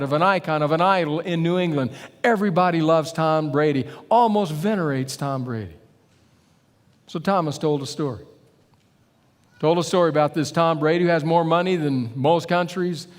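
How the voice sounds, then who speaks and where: Man preaching in a reverberant hall. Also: fairly high pitch. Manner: storytelling, animated retellings. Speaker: pastor. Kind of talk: sermon.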